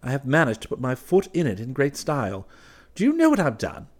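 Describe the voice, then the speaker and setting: A man reading an audiobook, voicing an excitable, chatty young male artist in a raised, eager tone. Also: medium pitch, fairly quick, pitched above the performer's own voice.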